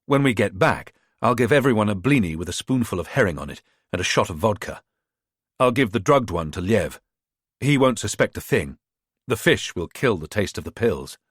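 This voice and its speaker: A man playing a resourceful, calm man explaining a plan in a brisk, matter-of-fact way. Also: on the low side, breathy edge, dry recording, studio quality. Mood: calm, scheming. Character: resourceful man, calm under pressure, plotting.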